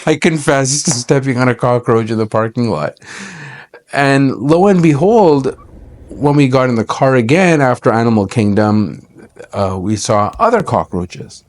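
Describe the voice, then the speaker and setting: A middle-aged man from Canada recounts a story to camera. He talks in a loose, chatty way, sounds aggrieved, and keeps circling back with fillers and restarts. His voice sits at an ordinary middle pitch. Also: animated, measured pace. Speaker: accountant telling a personal story.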